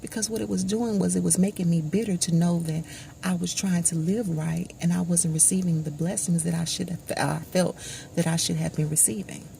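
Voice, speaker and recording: A woman with a gravelly, lowish voice tells a personal story, slowly and reflectively. She often drops into a hushed tone. Steady background noise sits under the recording. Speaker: vlogger.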